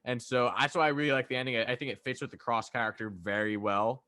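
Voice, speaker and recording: A man's voice: mid-range voice, fairly even intonation, quick pace, pushed and bright, no echo. A man co-hosting a casual podcast, rambling with heavy swearing and lots of fillers. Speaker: podcast co-host. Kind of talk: casual chat.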